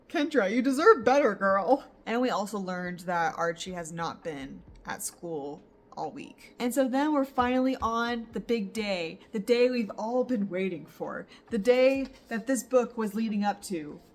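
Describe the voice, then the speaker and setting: A woman's voice: mid-range voice, animated, a little slow, a little mellow. A young woman book vlogger chatting casually at home about a novel she is reading, reacting with laughs. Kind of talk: casual reading vlog chat. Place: home in the countryside.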